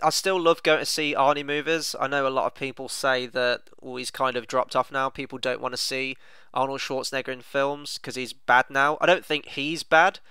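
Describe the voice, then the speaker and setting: A man's voice: mid-range voice, sharp tone, clear, resonant tone, no room sound. A man co-hosting a casual film review, chatting enthusiastically with plenty of "you know" fillers.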